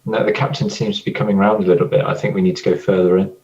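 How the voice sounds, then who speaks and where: A man playing a tabletop game, describing his character's actions in a halting way that repeats words. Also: deep voice, level tone, warm tone. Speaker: player. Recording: dull lo-fi recording.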